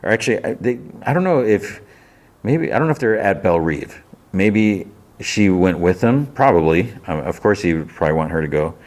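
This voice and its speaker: Low-voiced man rambling through a recap. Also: expressive, moderate pace, a little mellow. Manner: rambling, full of restarts and "like". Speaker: podcast host. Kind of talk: casual episode recap.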